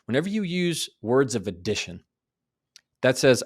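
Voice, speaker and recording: A man talks as a podcast guest, giving communication advice with animated emphasis. His voice sits at a middle pitch. He acts out sample phrases as he goes. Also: moderate pace, husky.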